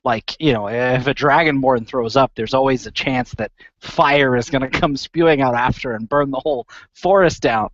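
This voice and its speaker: A man describes his character's antics in a tabletop game, stumbling through restarts and fillers. His voice is mid-pitched. The recording is muffled and dry, with no room sound. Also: normal speed, fairly bright tone, no room sound. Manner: rambling, many fillers and restarts. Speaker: player.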